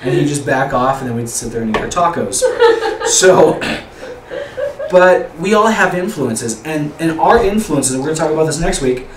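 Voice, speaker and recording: Man leading a youth group talk. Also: mid-range voice. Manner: rambling, repeats words, asks the group questions. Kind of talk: informal youth group teaching. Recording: roomy echo, distant mic, faint room noise.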